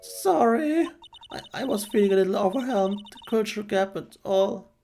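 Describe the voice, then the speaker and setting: Man doing a timid, high young woman. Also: lively intonation, normal speed, mellow, soft background music. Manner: small, hesitant and apologetic. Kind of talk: reading game dialogue aloud.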